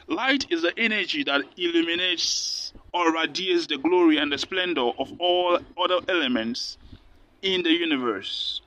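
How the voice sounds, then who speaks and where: A man's voice: a little high, sharp tone. A man from Nigeria preaching a sermon, earnest and repeating phrases for emphasis. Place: Lome, Togo.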